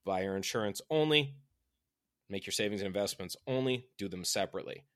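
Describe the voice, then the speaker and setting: Man, lowish voice, rapid rambling podcast chat, dry close mic. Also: expressive, a bit bright, no room sound. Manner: rambling, with many "right?" and "like" fillers; acts out quoted voices with big pitch jumps. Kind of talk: casual chat.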